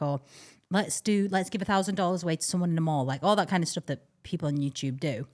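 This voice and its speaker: A woman's voice: low-pitched, a little fast. A young woman hosting a podcast, chatting casually and rambling with frequent laughs. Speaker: podcast host. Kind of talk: casual chat.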